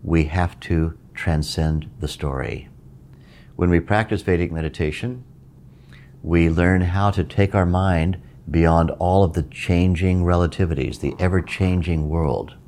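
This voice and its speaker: A middle-aged man, a meditation teacher, giving a reflective spoken talk in a measured way, repeating phrases for emphasis. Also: low voice, steady tone, a little mellow, a little hiss or hum.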